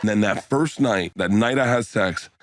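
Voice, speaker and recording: A man's voice: fairly low pitch, moderate pace, heavy background noise. A man telling a casual, self-mocking anecdote to a host.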